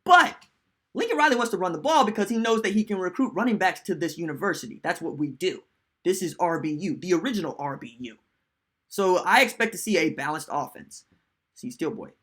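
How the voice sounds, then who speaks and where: A man talks through a live-stream sports show with a bright, forward tone. He is animated and loose, chatting casually and reading viewer comments aloud as he goes. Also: sits high. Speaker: podcast host.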